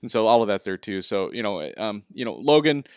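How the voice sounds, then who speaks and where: Low, smooth-voiced man hosting a chat. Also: very animated, brisk, dry recording, studio quality. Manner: easygoing, coaching tone with lots of "you know" and "right?". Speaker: host. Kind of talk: casual interview chat.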